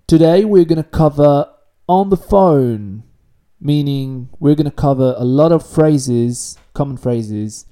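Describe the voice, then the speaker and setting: Man, language teacher, very dark mellow tone, patient explaining style for a beginner video lesson. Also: mid-range voice, gravelly. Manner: explanatory, repeats key words slowly.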